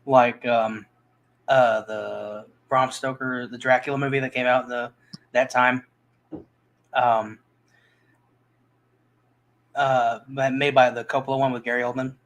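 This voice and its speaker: A man's voice: medium pitch, little pitch movement, unhurried, long pauses, fairly bright tone, muffled recording. A man reviewing movies in a casual, rambling chat, full of restarts and fillers.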